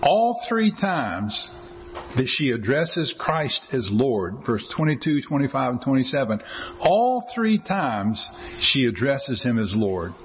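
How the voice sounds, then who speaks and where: Earnest male preacher, lively pitch. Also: a little hiss or hum. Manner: earnest, repeats words, quotes scripture slowly. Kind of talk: sermon. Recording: slightly dull lo-fi sound with faint ambience.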